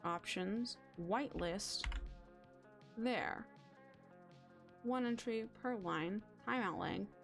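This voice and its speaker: Young female streamer, mid-range voice, rambling and excitable chatter over soft background music. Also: mid-range voice, very slow, gravelly, pauses often. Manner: excitable, rambling, self-mocking. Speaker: game streamer. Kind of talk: casual live-stream chatter.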